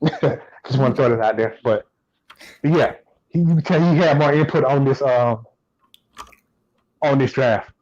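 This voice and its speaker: A man co-hosting a casual sports podcast, relaxed and repeating himself as he thinks. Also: mid-range voice, a little slow, long pauses, muffled recording. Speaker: podcast co-host.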